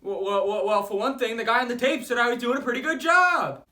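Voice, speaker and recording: A man's voice: on the high side, very animated, a little fast, fairly bright tone, recorded from a distance. A young man playing a clueless, overconfident boy who mangles French in a school comedy skit, stammering and goofy. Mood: smug.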